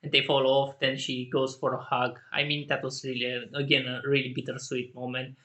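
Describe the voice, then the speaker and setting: Man, casual rant, excitable, frequent laughter, bright tense tone. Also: mid-range voice, normal speed. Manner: excitable, laughs often, swears; jumps to shouting in indignation. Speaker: channel host.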